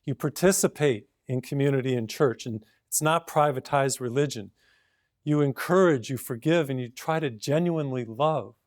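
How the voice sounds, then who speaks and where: Earnest priest with a dry close sound. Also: male voice, medium pitch, normal speed, no echo. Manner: earnest, storytelling, gently urging. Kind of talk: short homily.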